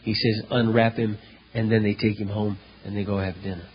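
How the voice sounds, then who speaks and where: A male pastor preaching a sermon, telling a story dramatically, with loud emphatic peaks and hushed low passages. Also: little pitch movement, brisk, slight background noise. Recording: dull lo-fi recording in a reverberant hall.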